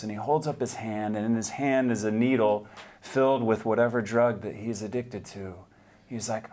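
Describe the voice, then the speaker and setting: A man telling a personal faith testimony, earnest and vivid, going hushed and quiet at the moving parts. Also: medium pitch, fairly even intonation, normal speed, slight background noise. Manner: earnest, hushed when moved, vivid retelling. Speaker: speaker sharing a testimony.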